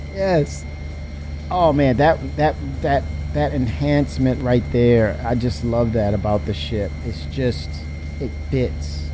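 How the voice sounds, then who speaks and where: A man in casual live-stream chat, animated and laughing as he talks to his chat. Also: mid-range voice.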